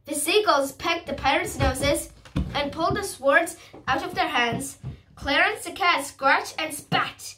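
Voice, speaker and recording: A woman reading a storybook aloud, carefully and haltingly, restarting words as she goes. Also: high-pitched, bright, forceful tone, far from the mic.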